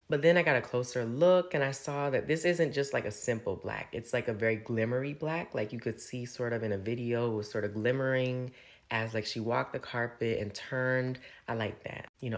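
Young guy gushing over red carpet looks, super chatty, says like a lot, middle-pitched voice. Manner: gushing, chatty, heavy use of "like". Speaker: fashion commentator. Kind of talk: casual red carpet recap commentary.

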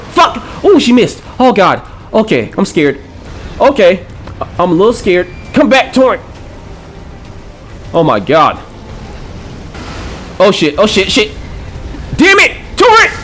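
Guy yelling at a video game, high voice jumping all over, swears a lot, faint music behind. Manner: excitable, swears and trash-talks enemies; frequent panicked outbursts. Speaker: gaming channel host. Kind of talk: live gameplay commentary.

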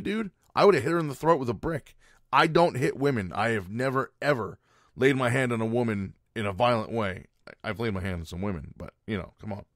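A man's voice: mid-range voice, dry recording, clean studio sound. A man hosting a podcast, telling a story as a casual rant in a blunt, profane and exasperated way. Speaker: podcast host.

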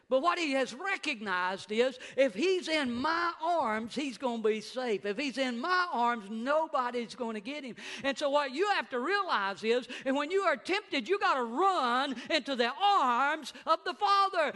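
High, bright-voiced preaching man. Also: animated. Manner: emphatic preaching, slowing down for stress and rising to shouts. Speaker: pastor. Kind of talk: sermon. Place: church sanctuary.

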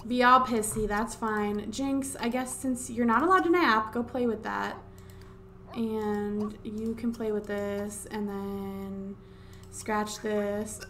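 A woman's voice: mid-range voice, steady tone, takes it slowly, sharp tone, a little hiss or hum. A woman giving casual gameplay commentary at home, exasperated, talking to the game characters and drawing out her wows. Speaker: let's play host. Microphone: desk USB microphone.

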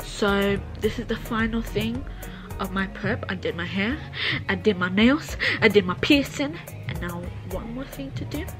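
A woman's voice: mid-range voice, moderate pace. A woman, chatting casually to camera in a playful, teasing, self-mocking way. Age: early 20s. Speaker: vlogger. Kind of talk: casual vlog chat to camera. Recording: background music clearly audible.

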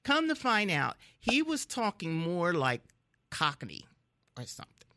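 Lively, chatty woman radio host. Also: lowish voice, a little slow, no echo, studio quality. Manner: chatty, laughs often. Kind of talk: casual radio interview.

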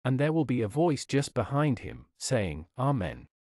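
A man's voice: medium pitch, sing-song, moderate pace, a little mellow, no room sound, clean studio sound. A man reading a sermon aloud in a solemn, declamatory way, with dramatic rises and falls. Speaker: preacher.

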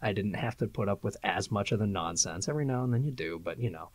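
A man, a voice-over artist and production engineer, telling lively anecdotes in a casual interview. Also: on the low side, fast, no echo. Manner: animated, laughing anecdotes, acts out quotes. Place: acoustically treated office.

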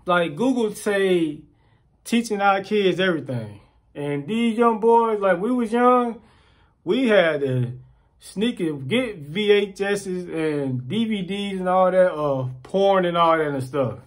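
Man, high voice, casual rant, animated storytelling, repeats words. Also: slow pace. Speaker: vlogger ranting to camera.

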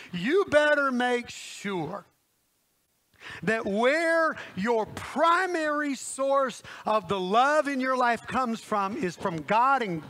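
Man, preacher, sermon, folksy, animated, high voice, bright tone, church. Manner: folksy, animated, talks to the congregation directly.

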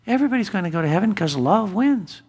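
A man preaching a sermon as pastor in a church, emphatic, with big swings from loud declarations to hushed asides. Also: sits high, animated, fast talker, breathy edge. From United States. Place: church sanctuary.

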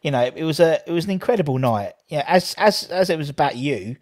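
A man's voice: fairly high pitch, animated, brisk, a little mellow, dry recording, clean studio sound. A man hosting a casual live Q&A, reading out viewer questions and agreeing often. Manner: frequent agreeing interjections. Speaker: host.

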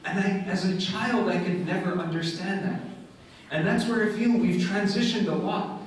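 A man's voice: sits high, steady tone, normal speed, a little hiss or hum. A man giving an earnest, story-driven speech at a community event in a large mosque hall. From Canada. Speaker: guest speaker. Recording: echoey hall heard from far off.

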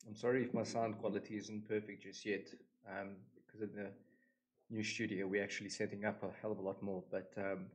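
A man hosting a reaction video, talking in an earnest, emotional and devout way with many pauses, recorded in a new home studio. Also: fairly low pitch, darkish tone, poor audio. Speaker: reaction channel host. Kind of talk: casual reaction commentary.

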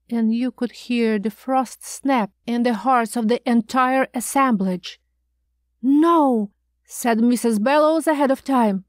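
A woman reading a science fiction short story aloud in a measured, expressive storytelling manner. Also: fairly high pitch, no echo. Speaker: audiobook reader. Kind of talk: scripted narration.

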